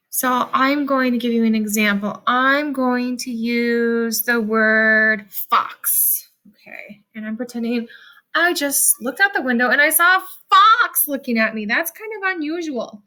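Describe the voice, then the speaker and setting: A woman teacher giving a recorded lesson to children, speaking slowly and clearly with strong emphasis. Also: fairly high pitch, bright, forceful tone.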